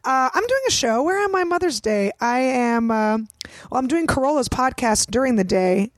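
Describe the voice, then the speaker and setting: Comedian lady cussing and joking around on a podcast, kinda high voice, dry room. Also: animated, normal speed, no room sound. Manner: blunt, profane, joking. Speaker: comedian guest. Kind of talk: casual chat. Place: home studio room.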